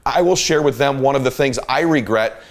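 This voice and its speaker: A man's voice: mid-range voice, fairly quick. A middle-aged man hosting a podcast, giving an emphatic, coaching motivational talk about listening. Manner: emphatic, coaching, shifts volume and pace to illustrate. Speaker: podcast host.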